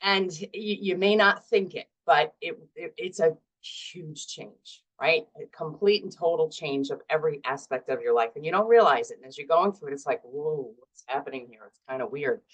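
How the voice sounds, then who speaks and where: A woman's voice: low-pitched, moderate pace, hardly any pauses, poor audio. A woman, middle-aged, talking casually to camera as a vlog host, chatty and self-deprecating with frequent laughs.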